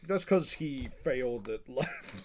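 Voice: mid-range voice, animated, slow pace, darkish tone, a little hiss or hum. A podcast co-host in casual film chat, joking and arguing in a goofy way.

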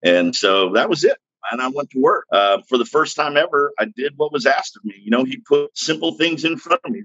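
A man's voice: mid-range voice, expressive, moderate pace, few pauses, sharp tone, dry recording, highs cut off. A man in his fifties, a podcast guest, telling his own story in a blunt, frank, plainspoken way with casual slang. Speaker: podcast guest, recovery interventionist. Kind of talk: candid personal storytelling.

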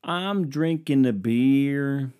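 A man voicing a male country singer with a Southern twang, slowly singing simple lyrics. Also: medium pitch, dark tone, clean tone. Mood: mock crooning. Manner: slow drawled singing.

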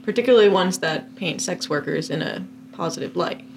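A woman in her twenties, a podcast guest, telling her story in a relaxed, candid way with loose fillers. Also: on the low side, a little fast, slight background noise. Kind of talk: casual conversation. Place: home basement podcast room.

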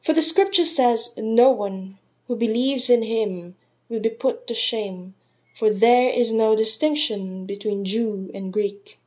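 A woman reading the Sunday scripture passages in a measured, deliberate, formal way. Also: fairly high pitch, a little mellow. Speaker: scripture reader.

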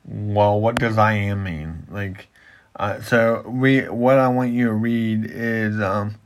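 A slow, unhurried man with a gravelly, creaky voice, teaching scripture in casual conversation. He stops and restarts his sentences often, circling toward what he wants to say. He talks things through at an easy pace. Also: lowish voice, steady tone. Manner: halting, repeats himself while building to a point. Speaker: Bible teacher and podcast co-host. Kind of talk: casual Bible teaching chat.

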